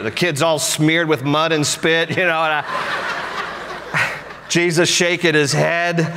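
A man's voice: a little high, moderate pace, fairly bright tone, slight background noise. A male pastor preaching a sermon in a church, storytelling with humor. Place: church sanctuary. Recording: echoey church hall.

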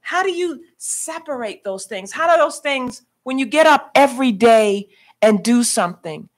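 A woman's voice: a little high, animated, normal speed. A woman poet interviewing an author onstage, asking searching, thoughtful questions. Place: library stage before an audience.

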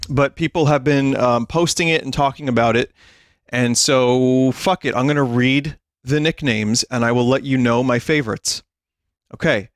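A man's voice: mid-range voice, dry recording, studio quality. A man hosting a livestream, chatting casually to his viewers and laughing often as he reads a list aloud. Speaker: livestream host. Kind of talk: casual stream chat.

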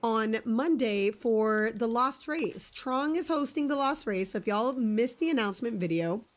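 Woman, game streamer, bubbly, giggly, fairly high voice, unhurried. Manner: bubbly, gushing and giggly, talking to chat. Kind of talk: live game stream chat. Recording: faint music behind.

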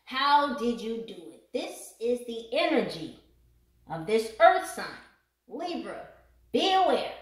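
A chatty woman doing a casual tarot reading, joking, swearing and laughing as she goes. Her voice sits a little high for a woman. The room around her is noticeably echoey. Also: big pitch swings, takes it slowly. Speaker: tarot reader.

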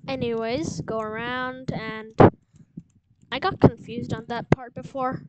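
A woman's voice: high-pitched, unhurried, loud music behind the voice, poor audio. A woman hosting a casual gameplay walkthrough, rambling and unsure of herself, with lots of fillers. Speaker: game guide host. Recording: loud background noise with clicks.

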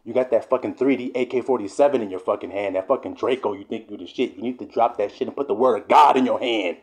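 A man preaching a fiery, profane sermon, swearing often and sometimes shouting. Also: fairly low pitch, fast talker.

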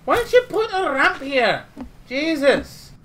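A woman playing a multiplayer game in a put-on British accent, narrating her own moves and breaking into panicked shouts. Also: high voice, sing-song, takes it slowly, crowd noise. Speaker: gamer.

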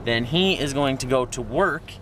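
A man's voice: medium pitch, lively intonation, normal speed, recorded from a distance, noisy background. A man in his twenties chatting casually to the camera in a vlog, easygoing and rambling with fillers. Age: 20s. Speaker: vlogger.

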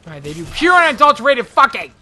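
A woman playing a video game and commenting as she goes, with constant swearing and loud, frustrated outbursts at the game. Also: a little high, sing-song, racing. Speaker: let's play gamer. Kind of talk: live gameplay commentary.

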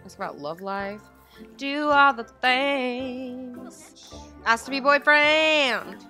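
Young woman rambling at her sims, slow easy pace, bright voice, soft game music behind. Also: high-pitched. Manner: chatty, talks to her game characters. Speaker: gaming channel host. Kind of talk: casual let's-play commentary.

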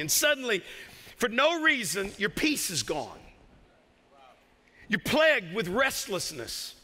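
A pastor with a Southern US accent preaches with passion, breaking into jokes and sudden raised lines. His voice sits high and rings very bright and sharp. A long reverb trails each phrase through the church hall. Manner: impassioned, joking asides, bursts of raised voice. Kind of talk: sermon. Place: church sanctuary.

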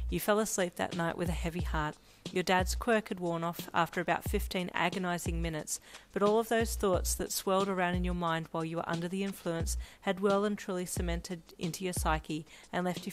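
A woman narrating audio fanfiction in a calm, even storytelling manner. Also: on the low side, brisk, a little hiss or hum. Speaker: fanfiction reader. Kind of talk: scripted narration. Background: faint lo-fi music.

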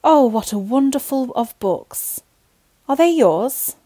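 A woman's voice: fairly high pitch, normal speed, dry recording, pitched above the performer's own voice. A woman voicing an eager, cheerful young boy king in a storybook reading. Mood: excited. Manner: excited, bright.

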